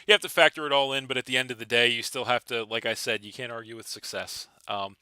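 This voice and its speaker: A man's voice: mid-range voice, fairly even intonation, quick pace, sharp tone, smooth, no echo. A man hosting a podcast, chatting casually with lots of fillers and restarts. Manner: rambling, many fillers and restarts. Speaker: podcast host.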